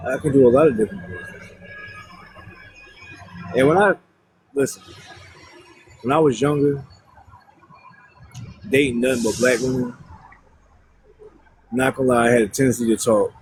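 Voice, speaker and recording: A man's voice: medium pitch, normal speed, pauses often, slightly rough, poor audio. A young man chatting casually and bluntly with his viewers on a livestream, rambling and swearing freely.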